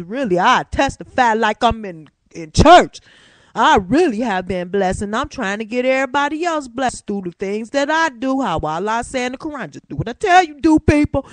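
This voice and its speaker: A woman hosting her own talk show from her room, preaching and testifying in an animated way with African American Vernacular English. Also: on the high side, no room sound. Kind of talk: casual religious talk show monologue.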